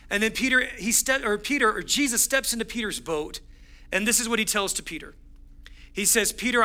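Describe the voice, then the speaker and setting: A young adult man pastor giving a sermon, telling the story in an energetic, conversational way. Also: high voice.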